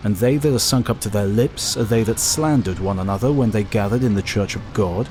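A man's voice: lowish voice, noisy background, close to an everyday voice. A man reading a stern guiding angel. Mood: solemn. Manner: grave, measured pronouncements. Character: stern male angel guiding through hell.

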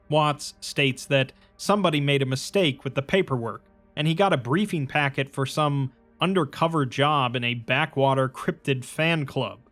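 A man's voice: medium pitch, a bit bright. A man giving a scripted, matter-of-fact narration that retells a story.

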